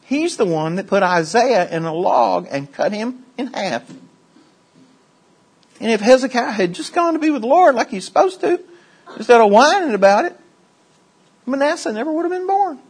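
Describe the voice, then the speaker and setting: A middle-aged man teaching a Bible study, moving from quiet asides to high, excited storytelling. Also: normal speed, long pauses, slightly rough.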